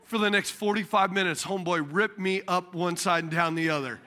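A man preaching a sermon as a pastor, telling stories in an animated way. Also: high-pitched, fairly quick.

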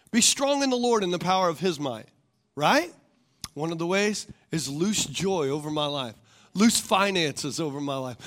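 A male pastor with a high, fairly bright voice preaches a sermon. He asks his questions rhetorically, repeats them, and keeps calling on the congregation to respond.

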